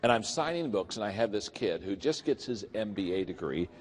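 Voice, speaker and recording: Man, leadership keynote speaker, animated storytelling, lively pitch, echoey hall. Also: a little fast. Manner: animated, acts out quotes.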